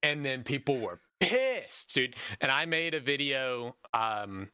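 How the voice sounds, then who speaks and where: A young man hosting a podcast, talking in long, animated run-on stretches in a casual chat. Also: medium pitch, takes it slowly, clean tone, dry recording, clean studio sound. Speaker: podcast host.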